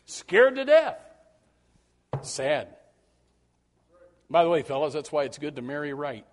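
A man's voice: on the high side, big pitch swings, a little slow, slight background noise. A man preaching a sermon to his congregation, acting out quoted voices and repeating words as he builds his points. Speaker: pastor.

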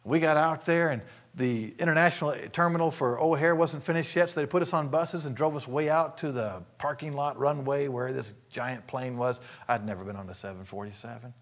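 An older man from Arkansas preaching a sermon, telling folksy stories and acting out the scenes with animated delivery. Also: medium pitch, brisk, hardly any pauses. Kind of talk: sermon storytelling.

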